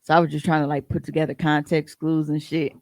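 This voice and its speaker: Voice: medium pitch, fast, no echo. Podcast cohost rambling stories, swears a lot, laughs, dead dry sound. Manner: profane, animated, laughing. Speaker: podcast co-host. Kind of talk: casual storytelling chat.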